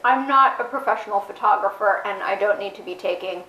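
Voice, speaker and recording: At home with her dog nearby, a woman vlogs casually into a fisheye action camera's mic, chatty, self-mocking and rambling. Her mid-range voice is brisk, bright and forceful, though the sound is roomy and muffled.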